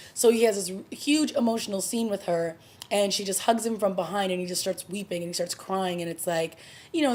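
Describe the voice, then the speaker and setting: A woman's voice: on the low side, a little mellow. Chatty woman recapping a TV episode. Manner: chatty, conversational recap with fillers. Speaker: TV review vlogger. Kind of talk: casual spoken episode review.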